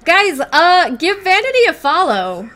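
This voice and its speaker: A woman streaming a fighting game, exclaiming and chatting warmly with her viewers and her cat. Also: very high-pitched, sing-song, unhurried. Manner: squealing and exclaiming while playing, chatting to viewers. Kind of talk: excited live-stream commentary.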